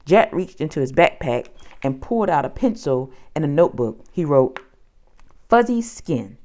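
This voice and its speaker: A woman with a low voice narrates a children's chapter book aloud. Her reading is expressive and full of lively rises and falls, pitched for young listeners. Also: normal speed. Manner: expressive, storytelling delivery.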